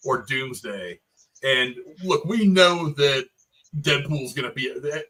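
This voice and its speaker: A man hosting a casual movie review talk, animated and theorizing, swearing now and then. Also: medium pitch, low-quality recording. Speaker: podcast host.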